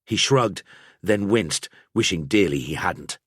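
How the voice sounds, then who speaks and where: A man narrating an audiobook in a measured storytelling manner. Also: sits low, expressive, fairly bright tone, breathy edge, no room sound, clean studio sound.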